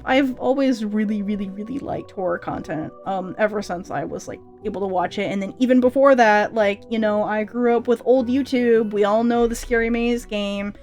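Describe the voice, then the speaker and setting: Young adult woman, casual livestream chatter, rambling delivery, mid-range voice over soft background music. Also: mid-range voice. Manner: rambling and chatty, with many fillers and restarts. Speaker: streamer debuting a vampire persona.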